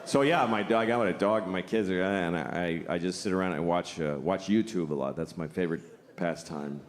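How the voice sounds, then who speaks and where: A man's voice: deep voice, brisk. A man doing a stand-up comedy set, rambling and sardonic, self-deprecating, with frequent restarts. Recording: live hall with audience noise.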